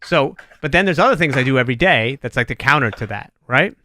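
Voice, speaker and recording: A man hosting a podcast, rambling through jokey, animated tangents in casual chat. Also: mid-range voice, quick pace, no echo. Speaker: podcast host.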